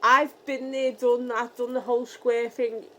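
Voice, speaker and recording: A young British woman from the UK telling a story in a casual vlog, acting out the dialogue with lively energy. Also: a little high, a little slow, a little hiss or hum, low-quality recording. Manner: animated, re-enacting dialogue. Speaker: vlogger.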